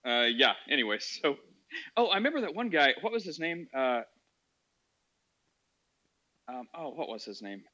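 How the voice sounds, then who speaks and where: A man hosting a call-in podcast, telling stories in a calm, chatty way with lots of fillers. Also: fairly high pitch, moderate pace, long pauses, lo-fi sound. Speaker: podcast host. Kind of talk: casual call-in chat.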